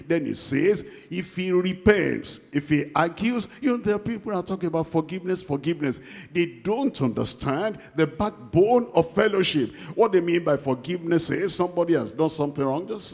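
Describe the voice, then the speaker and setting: A man preaching a sermon, emphatic and repeating his key points, slowing down to read scripture aloud. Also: on the high side, animated, darkish tone, long reverb tail.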